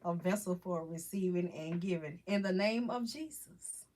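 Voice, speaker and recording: Halting, faith-filled woman chatting live. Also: on the low side, a little mellow. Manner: halting, rambling, restarts often. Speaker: livestream host chatting with viewers. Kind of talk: casual live chat about faith and crafts.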